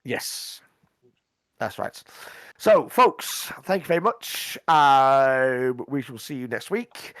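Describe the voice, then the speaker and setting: A man narrating as game master, hesitant and full of pauses. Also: medium pitch, big pitch swings, fairly bright tone, smooth, no room sound, clean studio sound. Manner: hesitant, full of ums and restarts.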